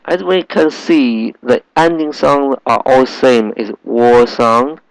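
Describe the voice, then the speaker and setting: A man teaching a language lesson, patiently repeating sounds slowly for learners. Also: medium pitch, vocal fry, no echo, low-quality recording. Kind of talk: slow classroom lesson.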